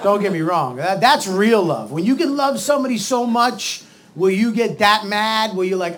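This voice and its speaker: A middle-aged man doing a stand-up comedy set. He rants loudly and acts out other voices. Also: high-pitched, expressive, normal speed. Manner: loud, ranting, acts out voices and swings into shouting. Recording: live show with audience laughter.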